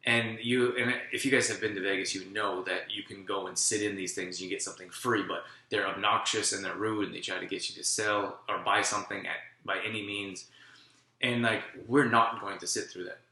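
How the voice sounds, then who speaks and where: A man's voice: lowish voice, steady tone, a little fast, bright, forceful tone. A man in casual chat, rambling and filling his speech with "like". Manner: rambling, heavy use of "like". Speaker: co-host of a wellness channel. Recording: echoey room.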